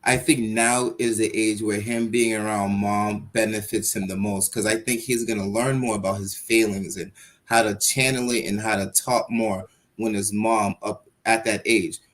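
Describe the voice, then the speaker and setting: A man in his thirties talks on a podcast in a fairly low voice. He speaks in an animated way and slips into quick bits of dialogue as he explains himself. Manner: animated, acts out parent dialogue. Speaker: podcast guest. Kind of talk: casual chat.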